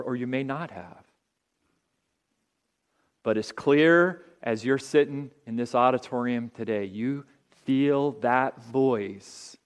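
A man preaching a sermon in an auditorium, earnest and deliberate, letting phrase ends drop softly. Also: mid-range voice. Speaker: pastor.

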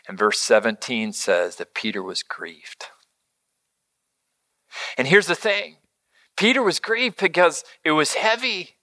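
Guy preaching a sermon, kinda high bright voice, earnest, gets real quiet and hushed at times. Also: expressive, slow pace, long pauses. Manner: earnest, shifts between loud emphasis and soft near-whisper. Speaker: pastor.

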